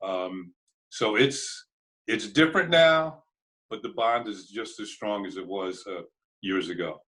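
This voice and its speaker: An older man, a former ballplayer, telling relaxed anecdotes with chuckles in an interview. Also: fairly low pitch, measured pace, poor audio. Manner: chuckling anecdotes, acts out quoted voices. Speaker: former ballplayer and broadcaster, guest. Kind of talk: casual storytelling interview.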